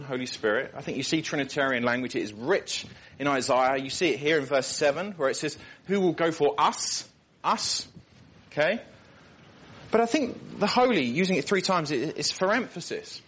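Male preacher, husky and fairly high, earnest, doubles back on words, dull lo-fi recording. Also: expressive, normal speed, fairly bright tone. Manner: earnest, emphatic, repeats words as he builds points. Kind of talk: sermon.

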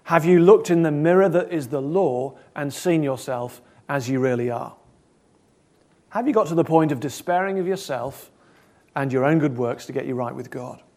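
A man preaching a sermon, earnest, asking probing questions and swinging between loud and soft. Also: fairly high pitch, normal speed.

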